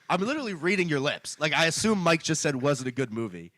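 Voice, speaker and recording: A man's voice: fairly high pitch, sing-song, brisk, hardly any pauses, a bit bright, no echo. A man co-hosting a casual comedy podcast, telling stories animatedly and swearing freely over a remote call. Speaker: podcast co-host.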